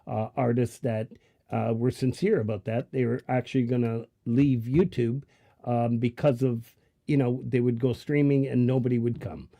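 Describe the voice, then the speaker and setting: A man with a Canadian Italian accent, hosting a live stream in a joking, casual way and filling his pauses with many ums. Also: mid-range voice, flat delivery, dark tone. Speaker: livestream show host.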